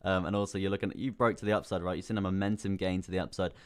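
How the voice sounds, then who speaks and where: A man with a very low voice hosts a live crypto stream. He walks through price charts in a loose, chatty way, repeats his points and keeps calling the viewers bro. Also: steady tone, very fast. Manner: casual, repeats phrases, calls viewers bro. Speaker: crypto livestream host. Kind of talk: live chart analysis, reading chat.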